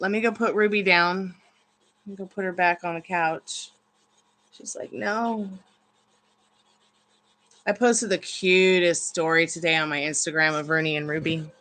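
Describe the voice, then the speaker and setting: Bright-voiced chatty woman streaming from home. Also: fairly low pitch. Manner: chatty, rambling, breaks into baby talk with her dogs. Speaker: tarot reader and live streamer. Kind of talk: casual live stream chat. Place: at home with her dogs.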